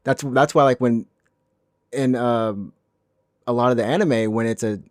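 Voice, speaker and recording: A man's voice: mid-range voice, fairly even intonation, unhurried, no room sound. Chatty man, dry close sound. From Alabama, US South. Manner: chatty, rambling with many restarts and fillers. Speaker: podcast co-host. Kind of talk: casual chat.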